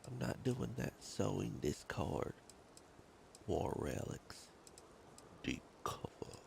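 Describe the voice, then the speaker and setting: A man's voice: on the low side, big pitch swings, slow, vocal fry. A man streaming a game, casually muttering to himself, reading menus aloud and trying silly voices. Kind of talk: casual gameplay commentary. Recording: loud background noise.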